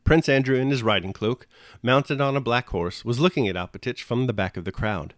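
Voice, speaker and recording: A man reading a classic novel aloud in measured, expressive narration, then reflecting on the chapter. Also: mid-range voice, no echo, studio quality. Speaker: reader and commentator.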